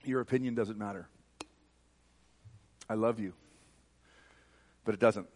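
A man's voice: on the low side, fairly even intonation, a little slow, darkish tone. A man preaching a sermon, fervent and emphatic, telling a personal story.

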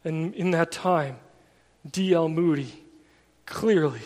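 A man with a high voice preaches in a relaxed, chatty manner, telling the story as if talking to friends. His words ring out with a long reverb, as in a large hall. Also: takes it slowly, long pauses. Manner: casual storytelling with fillers like "like" and "kind of". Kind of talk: conversational sermon.

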